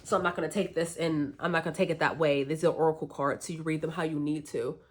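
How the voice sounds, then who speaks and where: Woman, from the northern East Coast, casual tarot reader, low-ish voice, rambling chatty delivery. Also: steady tone, fast, darkish tone, slightly rough. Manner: chatty, loose, lots of fillers. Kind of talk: casual tarot reading to viewers.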